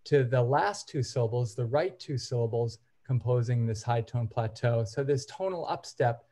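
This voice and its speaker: A man with a mellow, warm voice gives an academic seminar presentation. He explains each point in a measured way and walks his listeners through examples one at a time. His pitch sits at an ordinary middle level for a man.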